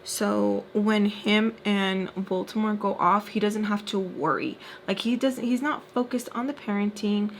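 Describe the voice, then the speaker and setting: A young woman casually telling a story while doing her makeup, animated and full of fillers. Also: medium pitch, measured pace, few pauses, slight background noise. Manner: animated, filler-heavy retelling with quoted voices. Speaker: storytime vlogger.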